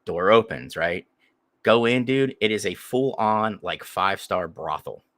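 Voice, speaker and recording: Crude, rambling storyteller man with a bright voice. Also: fairly low pitch, expressive, measured pace, no room sound. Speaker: podcast co-host. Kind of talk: casual storytelling chat.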